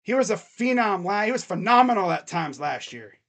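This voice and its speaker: A man calling live fan play-by-play, jumping to shouts on big plays and dropping to muttered asides between them. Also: sits high, lively intonation, fast talker. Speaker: fan commentator.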